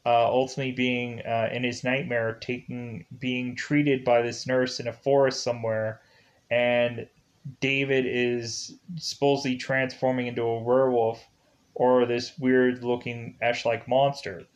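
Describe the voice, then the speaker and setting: A man talks through a movie in a loose, rambling way, leaning on "like" and "uh" as he goes. He speaks slowly at an average pitch and chuckles now and then as he recounts scenes. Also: little pitch movement. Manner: rambling, heavy on fillers like "like" and "uh"; chuckles while retelling scenes. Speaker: film reviewer. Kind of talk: casual video review.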